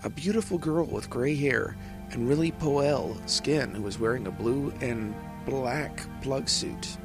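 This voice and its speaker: A man narrating fan fiction aloud in an earnest, slow reading with small slips. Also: medium pitch, over music. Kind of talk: amateur audiobook narration.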